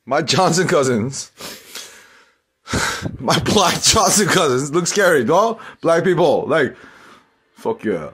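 This husky-voiced man rambles through a vlog, excitable and quick with a curse word, frequently laughing as he goes. He speaks high in his range, with pitch that leaps all over the place.

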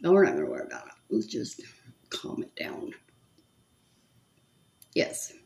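A woman's voice: rumbling low, huge pitch swings, unhurried, creaky, a little mellow. A woman in her seventies doing her makeup on camera, chatting to her viewers and muttering to herself as she works. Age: 70s. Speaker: makeup vlogger. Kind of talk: casual chat while doing makeup.

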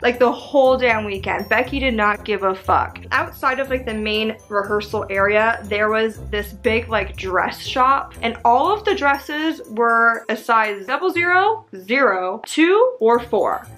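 A young woman tells a story straight to camera in a chatty, frank way. She swears freely and fills her talk with "like". Her voice sits a little high, with faint music in the background. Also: animated, a little slow, few pauses, a bit bright. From Canada. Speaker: vlogger. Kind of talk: casual storytime monologue.

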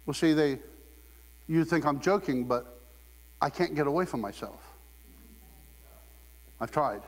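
A man delivers a sermon in a loose, joking way, laughing as he goes. His voice sits a little high. The sound rings with the long reverb of a large hall. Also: measured pace. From Ohio. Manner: humorous, conversational, laughing often. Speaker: preacher.

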